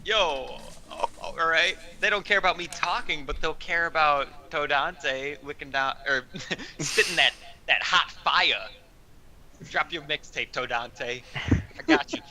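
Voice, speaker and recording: A man's voice: on the high side, measured pace, sharp tone. A young man playing a tabletop game, joking and laughing, swearing casually. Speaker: player.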